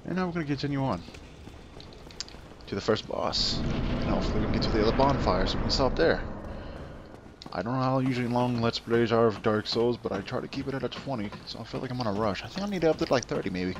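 A man with a medium-pitched voice comments on his own gameplay, talking fast and animatedly, rambling between asides and trash-talking the enemies he fights. Game music and background noise play underneath.

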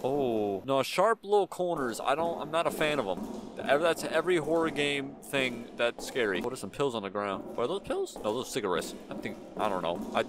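A man's voice: mid-range voice, very animated, a little fast, crowd noise. A young man, chatting nervously while he plays a horror game. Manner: chatty, nervous, talks to himself while playing. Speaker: gaming YouTuber. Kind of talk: casual horror game commentary. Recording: game music behind voice.

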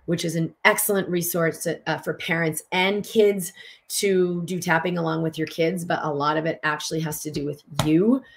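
A middle-aged woman hosts a live-stream teaching talk. Her voice sits somewhat low, and she stresses her points with earnest conviction while answering viewer questions. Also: fairly bright tone. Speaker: host and physician teaching tapping.

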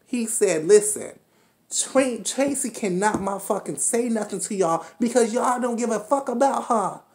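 A woman's voice: fairly high pitch, moderate pace, a little mellow. Fired-up woman ranting a recap. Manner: heated, profane, scolding, talks straight to the cast. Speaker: reality show recapper.

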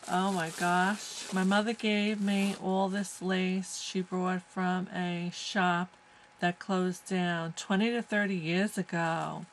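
A woman's voice: lowish voice, fairly even intonation, slow, noisy background. A woman from the United States opening a package on camera, gushing with lots of exclamations. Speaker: crafting vlogger. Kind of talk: casual unboxing chat.

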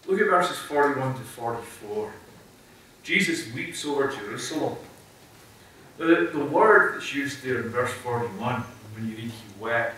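A man's voice: a little high, fairly bright tone, slight background noise. Preaching man in an echoey church. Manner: earnest, rising to emphatic preaching. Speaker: pastor. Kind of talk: sermon. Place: church sanctuary. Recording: echoey church hall, mic at a distance.

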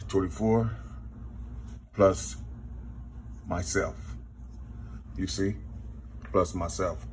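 A man's voice: steady tone, darkish tone, slight background noise. A man, rambling through a spiritual numerology monologue, counting numbers half-aloud and repeating "you see". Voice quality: very husky, slow, low-key. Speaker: self-taught numerology teacher.

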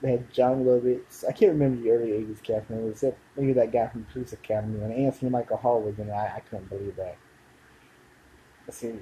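A man's voice: medium pitch, steady tone, quick pace, warm tone, slight background noise, low-quality recording. A man in his thirties talking casually to camera, rambling and forgetful, often trailing off and starting over. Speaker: video blogger.

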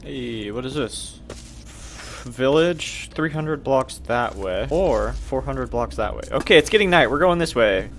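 A man's voice: medium pitch, expressive, a little slow, fairly bright tone, slight background noise. A young man commentating his own horror gameplay, jumpy and swearing, with panicky outbursts. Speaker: gaming youtuber.

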